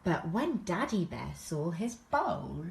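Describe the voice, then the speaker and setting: Slow, lively woman reading a story. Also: lowish voice, creaky. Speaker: storyteller for preschoolers. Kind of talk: reading a picture book aloud to children.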